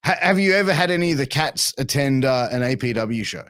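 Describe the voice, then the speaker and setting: A man hosting a podcast, asking questions in an excitable, laid-back way with plenty of swearing. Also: mid-range voice, fairly quick, no echo, studio quality. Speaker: podcast host. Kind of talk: casual podcast interview.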